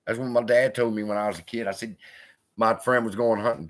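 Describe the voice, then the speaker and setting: A man's voice: fairly low pitch, fairly even intonation, fairly quick. A man hosting a live investing stream, talking in a blunt, profane, storytelling way. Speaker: investing channel host.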